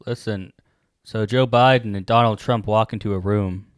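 A young man co-hosting a podcast in casual chat, joking in a deadpan way. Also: lowish voice, moderate pace, smooth, dry recording, studio quality. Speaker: podcast co-host.

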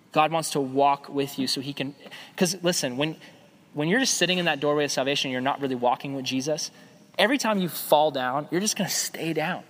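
A young adult man preaching a casual sermon as a youth pastor, conversational and animated, acting out quoted voices. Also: a little high. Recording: long hall reverb.

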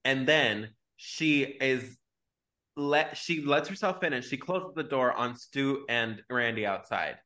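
A man's voice: mid-range voice, slow pace. A man co-hosting a casual podcast, recapping a film and acting out the characters' lines as he goes. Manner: animated, acts out characters' lines while retelling. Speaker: podcast co-host. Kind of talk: casual movie recap chat.

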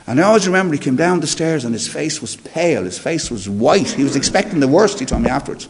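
A man, an interview guest telling his personal testimony in an animated way and acting out the dialogue. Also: on the high side, quick pace, creaky.

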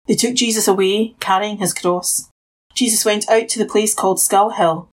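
A woman reads a Bible passage aloud as narrator. Her voice is husky and her pace steady. Her pitch sits in the middle of the range. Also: moderate pace, low-quality recording. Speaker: Bible reader. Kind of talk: scripture narration.

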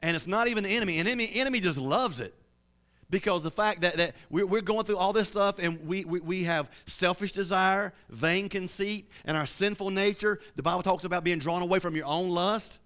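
A man's voice: high voice, fairly quick, a bit bright. A man preaching a sermon with fervour, often repeating and restarting his words.

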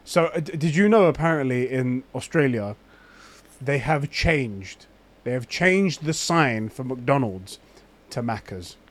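A man with a London accent co-hosting a casual gaming chat, rambling with lots of fillers and quick to laugh. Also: mid-range voice, lively intonation. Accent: London English. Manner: rambling, full of fillers, breaks into loud laughter. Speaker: podcast co-host.

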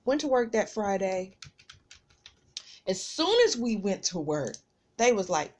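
A woman's voice: mid-range voice, animated, normal speed, a little hiss or hum. A woman hosting a podcast, telling a personal story in a chatty, casual way and talking straight to her listeners. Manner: chatty, addresses listeners as "y'all". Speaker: podcast host.

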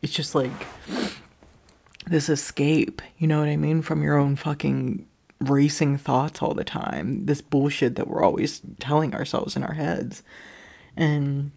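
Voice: mid-range voice, steady tone, measured pace, vocal fry, darkish tone. A speaker in their thirties sharing a candid personal story, rambling, with lots of "like" fillers and casual swearing.

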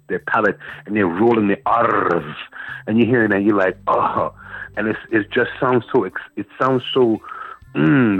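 Husky man, phone-line storyteller. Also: on the low side, no room sound. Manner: animated storyteller, repeats words while searching. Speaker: guest poet. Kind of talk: storytelling interview. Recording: phone-line interview with faint music.

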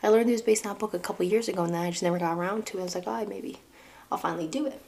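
A woman's voice: medium pitch, very fast, gravelly, a little mellow. A young woman with a New York accent hosting a casual podcast, chatting about a book and its film with asides to her listeners. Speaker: podcast host.

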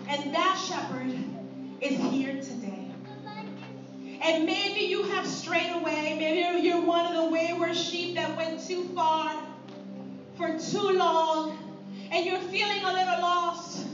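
A woman preaching a sermon in a church, impassioned, swinging from near-shouts to low, quiet lines. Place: church sanctuary. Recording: echoey hall from far off, dull.

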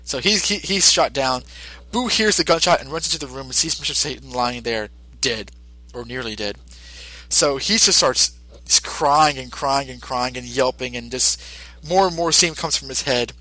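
A man's voice: medium pitch, moderate pace, sharp tone, no echo, low-quality recording. A male podcast host casually recapping an episode, rambling with lots of fillers.

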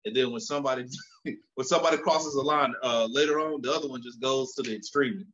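A man in casual chat, telling animated stories and acting out both sides of conversations. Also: mid-range voice, fast. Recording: dull lo-fi sound.

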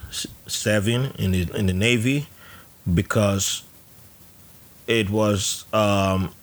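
A man's voice: on the low side, takes it slowly. A man from Nigeria, telling stories in a casual interview and acting out voices. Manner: animated storyteller who acts out voices. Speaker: podcast guest.

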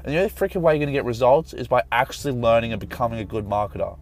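A man rants angrily and passionately into his podcast mic, swearing and then apologizing for getting heated. His pitch sits at an ordinary middle height, and faint music plays behind him. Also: lively intonation, rapid-fire, hardly any pauses. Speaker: podcast host and Facebook marketer. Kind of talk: unscripted podcast rant.

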